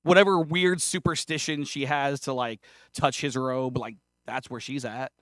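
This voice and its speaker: A man's voice: medium pitch, steady tone, moderate pace, fairly bright tone, dry recording, studio quality. A male pastor preaching a sermon in a conversational, self-deprecating way, with casual asides. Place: church sanctuary.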